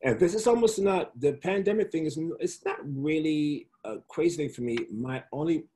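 A man's voice: fairly high pitch, normal speed. Flamboyant man telling stories in voices. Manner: flamboyant, animated storyteller who slips into voices and accents. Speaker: interview guest. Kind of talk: casual interview chat.

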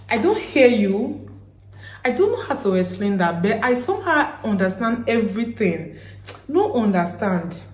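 A woman's voice: lowish voice, darkish tone. A woman with a Nigerian accent, chatting casually to her vlog audience and acting out little bits of dialogue as she rambles and corrects herself. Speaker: vlogger. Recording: roomy echo.

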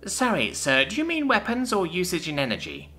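A man voicing a small, timid mouse-like male alien officer who speaks in a squeaky, deferential way. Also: huge pitch swings, brisk, sharp tone, exaggerated voice. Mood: confused.

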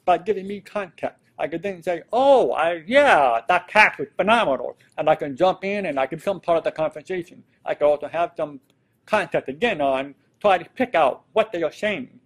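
A man with a somewhat high, husky voice speaks as a panelist. He explains things earnestly and lays out examples step by step. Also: brisk. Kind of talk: panel discussion remarks.

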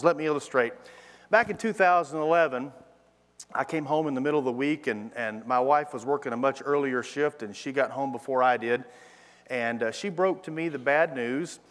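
Man, middle-aged, pastor, sermon, lively storytelling, slightly high voice, long church reverb. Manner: animated storytelling, acting out the quoted voices. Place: church sanctuary.

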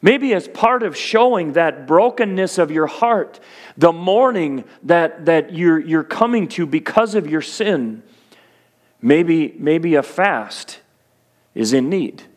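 A man preaching to his church as its pastor, his voice sitting a little higher than most men's. He speaks earnestly and encouragingly, and slips in plain, humorous asides to his listeners. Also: animated, slow. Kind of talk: sermon.

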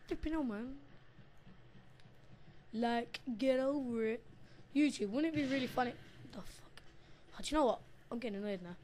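Excitable woman shouting over gameplay. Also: fairly high pitch, normal speed, pauses often, slight background noise. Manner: excitable, swears, shouts at the game. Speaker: gamer recording her match. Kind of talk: live gameplay commentary.

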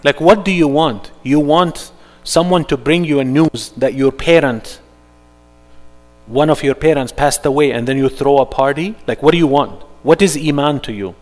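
A man teaching an interactive religious workshop, animated and firing rhetorical questions at his audience. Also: fairly high pitch, normal speed, big-room sound.

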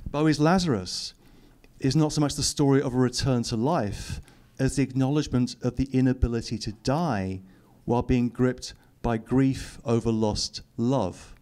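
A man's voice: medium pitch, moderate pace, darkish tone. A middle-aged man, reading his own book aloud to an audience and adding dry, teasing asides. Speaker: author giving a public reading. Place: lecture hall.

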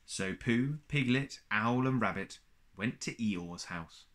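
A man reading a children's story aloud in a gentle, expressive way. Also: on the low side, slow.

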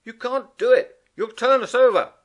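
A cheerful, bossy male water rat chatters along in a brisk, fussy manner, as a man puts him on. His voice sits raised and lively, a storybook creature fond of his own opinions. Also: fairly high pitch, pitched above the performer's own voice. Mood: alarmed. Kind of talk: storybook reading.

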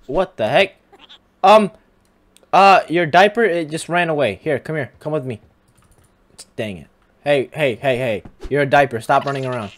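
A man's voice: medium pitch, moderate pace. A young man giving casual game commentary, teasing and talking back to the characters on screen. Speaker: gamer.

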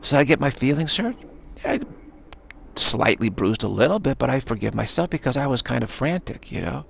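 A man's voice: mid-range voice, very animated, moderate pace, slight background noise. An American man talking in a rambling monologue, emphatic and repetitive, with many restarts. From United States. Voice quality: gravelly, husky. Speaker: speaker sharing personal views.

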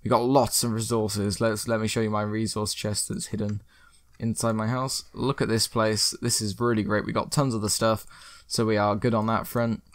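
A man's voice: on the low side, little pitch movement, normal speed, no room sound, clean studio sound. A young man chatting upbeat over his gameplay, now and then rambling a little. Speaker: gaming video host. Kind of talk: casual gameplay commentary.

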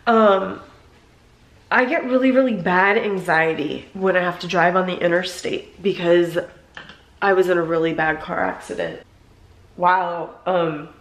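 Young woman vlogging on a handheld cam, anxious and rambly, swears a bit, echoey audio. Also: medium pitch. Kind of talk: casual handheld vlog. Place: home, then car. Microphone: handheld camera.

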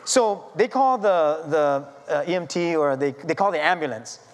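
Man pastor, high-pitched voice; animated, self-mocking sermon in a reverberant sanctuary. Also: normal speed. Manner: animated storytelling with self-deprecating humor. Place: church sanctuary.

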